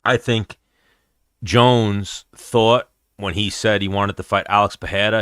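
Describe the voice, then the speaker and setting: A man's voice: fairly low pitch, fairly even intonation, normal speed, fairly bright tone, dry recording, studio quality. A man hosting a podcast, chatting casually as he watches fights and laying out his opinions step by step. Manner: opinionated, talks through his reasoning. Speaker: podcast host.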